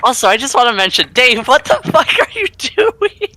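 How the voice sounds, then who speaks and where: A woman's voice: a little high, sing-song, normal speed, sharp tone. A woman playing a tabletop game, blunt and teasing in casual chat. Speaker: player.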